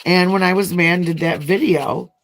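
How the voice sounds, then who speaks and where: A woman's voice: on the low side, moderate pace. A woman chatting casually as a nail vlogger while she does her nails, telling a long, frank, rambling story.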